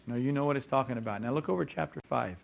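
A middle-aged man preaching a sermon emphatically, slowing down to stress key words. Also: medium pitch, gravelly.

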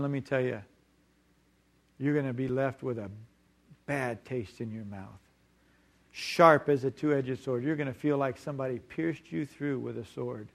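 A middle-aged man preaching a sermon emphatically, slowing down to stress key words. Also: mid-range voice.

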